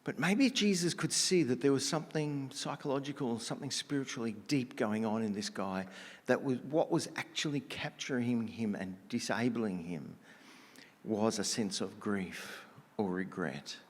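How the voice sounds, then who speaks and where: A male preacher delivers a laid-back sermon at a middle pitch, chatting his way through stories with easygoing slang and little restarts. His voice rings out with a long hall reverb, as in a church space. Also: moderate pace. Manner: relaxed, casual storytelling with frequent restarts and slang. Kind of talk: conversational sermon.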